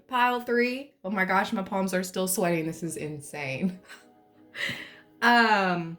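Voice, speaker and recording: Over soft background music, a tarot reader with a mid-range, slightly bright voice speaks slowly. She keeps her pick-a-card reading playful and jokey, using laughter to lighten the mood and occasionally bursting into humming or song.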